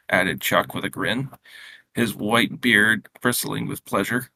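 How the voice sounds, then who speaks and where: A man reading his own short story aloud in a steady, unhurried way, with small slips and restarts. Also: lowish voice, gravelly, slight background noise.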